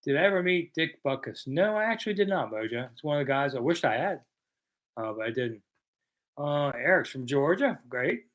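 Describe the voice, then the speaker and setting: A man's voice: fairly high pitch, animated, normal speed, fairly bright tone. A man in his sixties from the American South, hosting a casual live chat, reading viewer questions and answering with self-deprecating humor. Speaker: host.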